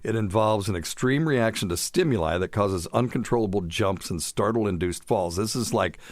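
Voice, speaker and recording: A man's voice: fairly low pitch, lively intonation, normal speed, dry recording. A middle-aged man hosting a medical podcast, chatting in a jokey, rambling way. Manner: chatty, jokey, wanders off topic. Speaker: podcast host, doctor. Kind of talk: casual chat.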